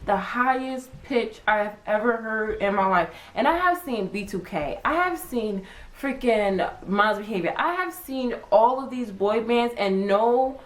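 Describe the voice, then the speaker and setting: A young woman vlogger chatting casually, acting out her own reactions with big jumps in pitch. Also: lively intonation, measured pace, rough recording. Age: young adult. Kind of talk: casual chat.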